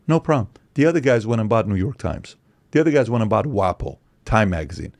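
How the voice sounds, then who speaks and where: A man in his forties, a podcast guest, speaking in an animated, opinionated monologue full of rhetorical questions and acted-out quotes. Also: mid-range voice, quick pace, vocal fry. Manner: acts out quoted voices, emphatic, rhetorical questions.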